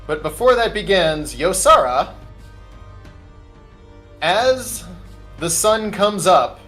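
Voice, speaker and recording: Game master guy narrating d&d, kinda high voice, super lively ups and downs, loose and rambly. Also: takes it slowly, faint music behind.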